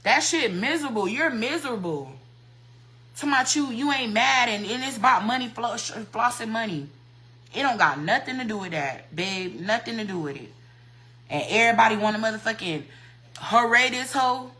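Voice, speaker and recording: A woman's voice: a little high, lively intonation, moderate pace, sharp tone, rough recording. A woman hairstylist on a livestream, ranting heatedly and profanely and repeating herself. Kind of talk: livestream rant.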